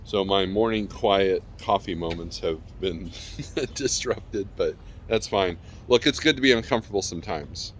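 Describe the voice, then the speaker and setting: Low-voiced guy rambling in his backyard, bit of faint noise around. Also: normal speed. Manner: rambling, chatty, calls out to his dog. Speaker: vlogger. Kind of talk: casual vlog talk. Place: backyard outdoors.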